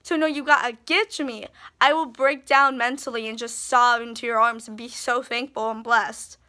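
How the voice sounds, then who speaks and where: A woman's voice: a little high, steady tone, moderate pace, sharp tone. A teenage girl chatting through a casual birthday haul vlog, gushing and bubbly, full of fillers and asides to herself. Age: teens. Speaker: vlogger.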